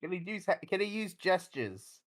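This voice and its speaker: A man's voice: sits high, very animated, normal speed. A man chatting casually as a player in a tabletop game, joking and laughing often.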